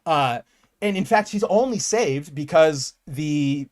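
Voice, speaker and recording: A young man chats casually about comics as a podcast co-host. His voice sits a little high, and he jumps into animated impressions of the lines he quotes. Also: takes it slowly. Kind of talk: casual comic book chat.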